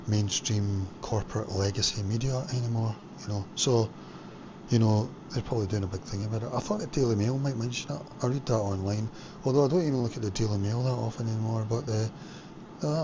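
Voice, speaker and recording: A man from Scotland chatting casually on his vlog while cooking, rambling with lots of fillers. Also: mid-range voice. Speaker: vlogger. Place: home kitchen. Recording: lo-fi home recording with background noise.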